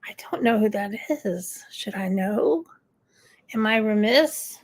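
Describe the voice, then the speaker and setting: A woman's voice: mid-range voice, expressive, takes it slowly. A woman hosting a casual live-stream chat, rambling and answering viewer comments. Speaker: livestream host.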